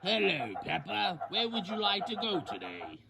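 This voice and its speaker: A woman's voice: mid-range voice, huge pitch swings, normal speed, gravelly, background noise. A young woman playing pretend with toys, switching playfully between character voices.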